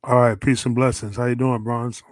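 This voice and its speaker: A man's voice: mid-range voice, little pitch movement, moderate pace, no room sound. A middle-aged man calling into a casual talk show, rambling and often repeating his words. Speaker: guest caller. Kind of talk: casual chat.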